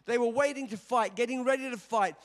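An older man in his seventies preaching a sermon, telling a story with dramatic swings from quiet to shouting. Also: extremely high pitch, a little fast. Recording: long reverb of a large hall.

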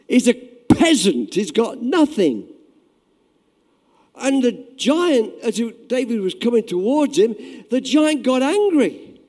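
A man preaching a sermon, animated and direct, addressing his listeners. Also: high-pitched. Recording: long reverb in a hall.

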